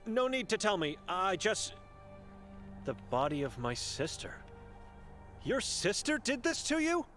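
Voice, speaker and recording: An anxious monk from Hungary. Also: male voice, high-pitched, huge pitch swings, unhurried, a bit bright, faint music behind, full character voice. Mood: pleading. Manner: polite, anxious questioning. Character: earnest young male monk searching for his sister.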